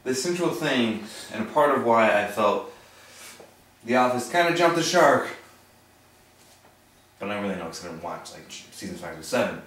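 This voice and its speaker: A man's voice: fairly low pitch, big pitch swings, moderate pace, long pauses, a bit bright. A man co-hosting a casual podcast, musing aloud and making sarcastic asides. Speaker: podcast co-host. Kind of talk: casual chat among friends. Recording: echoey room, far from mic.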